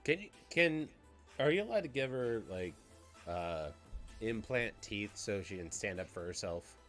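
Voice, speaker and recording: A man hosting a trivia stream in casual chat, joking and explaining the answers in quick bursts. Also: on the low side, expressive, fairly bright tone, soft background music. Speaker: trivia host.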